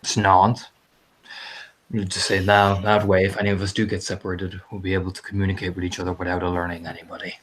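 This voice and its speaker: A man's voice: sits low, completely flat delivery, fast, fairly bright tone, a little hiss or hum. A man playing a tabletop game, speaking hesitantly and correcting himself as he goes. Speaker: player.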